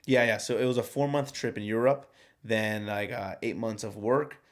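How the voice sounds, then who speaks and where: A man chatting as a podcast guest, telling travel stories in an animated, joking way. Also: on the low side, normal speed. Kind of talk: casual chat.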